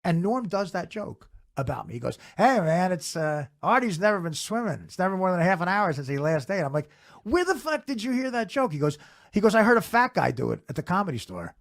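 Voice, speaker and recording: A man telling a profane, animated comic story about another comedian. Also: a little high, fairly quick, vocal fry.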